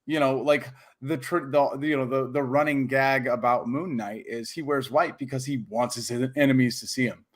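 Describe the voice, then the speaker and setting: Excited podcast guy, rambly, keeps restarting, mid-pitched voice. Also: moderate pace, hardly any pauses. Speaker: podcast co-host. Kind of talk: casual chat.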